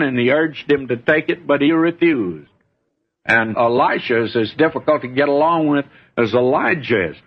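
An older male preacher gives a folksy, conversational Bible sermon. His voice is husky and a little breathy, and the recording is dull and lo-fi, like an old sermon tape. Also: medium pitch, lively intonation, normal speed.

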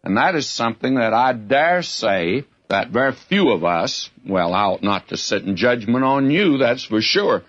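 A man's voice: medium pitch, very animated, normal speed, hardly any pauses, a bit bright, dull audio. A man preaching a verse-by-verse sermon as a Bible teacher, in a folksy way with frequent asides.

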